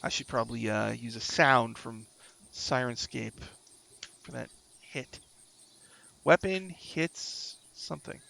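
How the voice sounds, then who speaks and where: A man running a tabletop game as dungeon master, thinking aloud in an unhurried way. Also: mid-range voice, animated, gravelly, pushed and bright, slight background noise.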